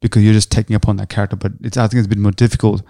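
A man hosting a podcast, asking questions casually with halting restarts and fillers. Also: lowish voice, flat delivery, mellow, no room sound, clean studio sound. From India. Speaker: podcast host. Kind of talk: casual interview chat.

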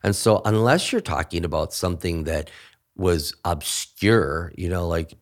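A pastor with a low, deep voice talks in a podcast conversation. He leans hard on his points and gets lively and animated when he quotes others. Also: measured pace.

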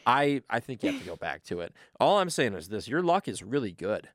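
A young man co-hosting a campus radio show, teasing and throwing in jokes. His pitch swings widely as he talks. The sound is dry and close on a studio mic. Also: sing-song, brisk, fairly bright tone, dry recording. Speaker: radio co-host. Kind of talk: casual radio chat. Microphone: studio microphone.

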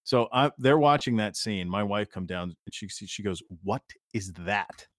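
Chatty low-voiced man telling stories. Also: animated, normal speed, no room sound, studio quality. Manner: rambling storyteller, swears casually. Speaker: podcast co-host. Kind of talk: casual sports chat.

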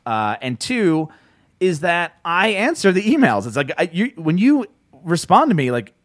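Rambling, profane podcast host, dry sound. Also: male voice, high voice, moderate pace, dry recording. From New Jersey. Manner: rambling, profane, animated, with many restarts. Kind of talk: casual chat.

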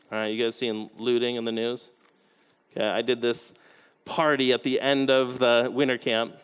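A man preaching a youth sermon, telling stories with lively, quick asides. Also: medium pitch. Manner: animated storytelling with quick asides. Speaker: youth pastor. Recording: hall reverb.

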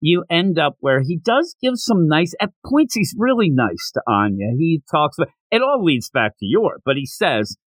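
A man recaps a manga chapter on a podcast in a casual, animated way and keeps slipping into its characters' lines. His voice sits fairly high and swings widely in pitch. The sound is dry and close to the mic. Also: moderate pace, hardly any pauses, dry recording, rough recording. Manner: animated retelling with quoted lines. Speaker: podcast host.

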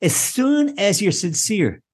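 A man teaching a Torah class, animated, often repeating words and acting out the speech he quotes. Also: sits high, slow pace, breathy edge.

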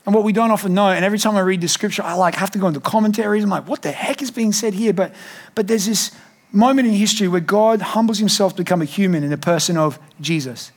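A man with a notably high voice delivers a church sermon to a gathered congregation. He talks animatedly, breaking into shouts to drive his points home and slipping into playful quoted voices. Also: quick pace. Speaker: pastor. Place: church hall before a congregation.

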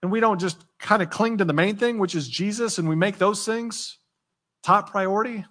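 High-voiced earnest male pastor. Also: moderate pace, fairly bright tone. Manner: earnest, conversational preaching with restarts. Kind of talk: sermon. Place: church sanctuary.

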